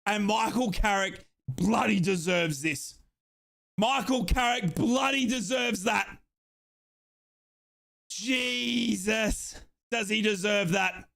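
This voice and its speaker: Hoarse, tearful Australian man shouting. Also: sits high, slow pace, long pauses. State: hoarse, crying. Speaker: fan watchalong streamer. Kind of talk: live fan watchalong reaction.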